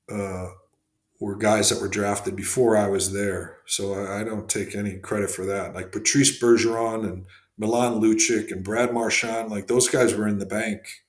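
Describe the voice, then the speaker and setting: A man's voice: lowish voice, echoey room. A man telling stories as a guest on a podcast, rambling with lots of fillers and restarts. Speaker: guest, former hockey executive and scout. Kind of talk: casual podcast interview storytelling.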